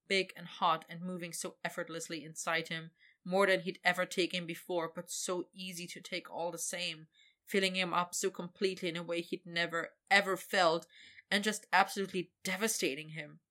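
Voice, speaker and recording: Woman narrator, fairly low pitch but bright tone, steady intimate storytelling for an adult audio story.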